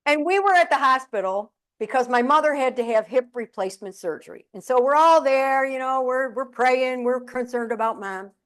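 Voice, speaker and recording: Woman, middle-aged, keynote humorist, fairly high voice, animated storytelling. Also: normal speed, few pauses. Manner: animated, comic storytelling with acted-out quotes. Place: live event venue.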